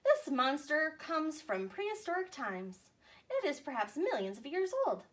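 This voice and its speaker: A woman's voice: sits high, very animated, measured pace, voice pushed up. A woman voicing a learned female mouse scientist who lectures and explains in a storybook reading. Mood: serious.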